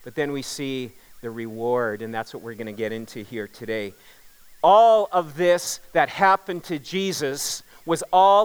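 A man's voice: sits high, clear, resonant tone. A man preaching a sermon as pastor, earnest and emphatic, repeating key words for weight.

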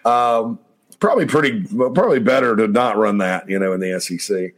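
A man hosting a loose sports talk stream in a lowish voice, chatting through viewer comments with plenty of laughs. He rambles, trails off and slips into quick mock impressions of coaches. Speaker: sports talk show host. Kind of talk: casual sports talk, reading chat comments.

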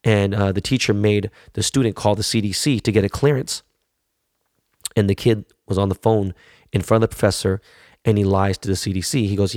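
A man's voice: lowish voice, fairly even intonation, brisk, a little mellow, dry recording, studio quality. A middle-aged man ranting casually and bluntly, swearing heavily and repeating words when he gets worked up. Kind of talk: profane casual rant.

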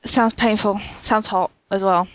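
A woman's voice: medium pitch, fairly even intonation, measured pace, no room sound, dull audio. Chatty woman hosting a podcast. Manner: chatty, laughs often, many fillers. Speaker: podcast host. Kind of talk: casual chat.

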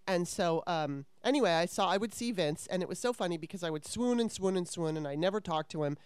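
A woman's voice: lowish voice, expressive, fast, a little mellow, clear, resonant tone, dry recording. A woman in her fifties hosting a podcast, telling a story in casual chat with a candid, profane and rambling manner. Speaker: podcast host.

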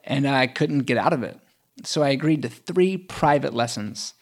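A man's voice: medium pitch, animated, normal speed, slightly rough. A middle-aged man telling a personal story in casual conversation, chatty with lots of fillers and self-mocking humor.

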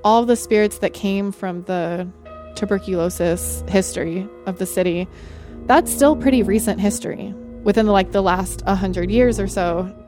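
A woman telling a personal story in a lively, conversational way, often saying "like" and acting out what people said. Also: medium pitch, moderate pace. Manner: animated, frequent "like", acts out quoted dialogue. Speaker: guest storyteller. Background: faint music score.

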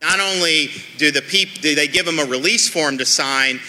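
A man's voice: fairly high pitch, normal speed, sharp tone, in a large hall, poor audio. A man giving blunt, defiant press remarks, restarting mid-phrase as he pushes his point. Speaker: governor.

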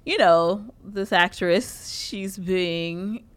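A woman's voice: lowish voice, drawn-out words, smooth. A woman co-hosting a casual chat, telling stories with lots of laughter and swearing. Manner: laughing, swearing, animated storytelling. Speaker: podcast co-host.

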